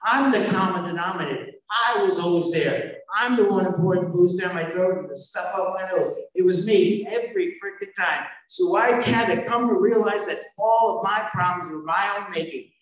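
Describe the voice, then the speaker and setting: A man's voice: high-pitched, normal speed, a bit bright. A middle-aged man telling his recovery story at a meeting, blunt and rambling, often stopping to restart his sentences. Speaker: speaker sharing at a recovery meeting. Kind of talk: personal recovery testimony. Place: meeting hall. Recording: very echoey hall, from far off.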